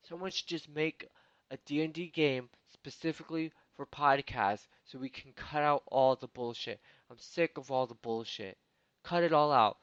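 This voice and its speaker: A fairly high-voiced man rants into a close mic, exasperated and swearing without pause. His delivery lurches between shouted outbursts and low grumbling. The recording is dry and slightly dull, like a lo-fi home podcast setup. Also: dry recording. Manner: exasperated, swears constantly, swings from loud outbursts to muttering. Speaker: podcast host. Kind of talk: profane comedic rant.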